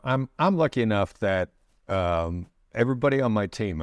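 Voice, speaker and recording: A middle-aged man, a negotiation expert guest in an interview, explaining his ideas in a measured way with pauses and restarts. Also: fairly low pitch, no echo, clean studio sound. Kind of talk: conversational interview answers.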